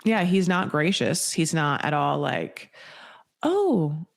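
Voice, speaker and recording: Woman, podcast host, slightly low voice, blunt, profane, casual recap chat. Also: measured pace, gravelly. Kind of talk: casual reality-TV recap commentary.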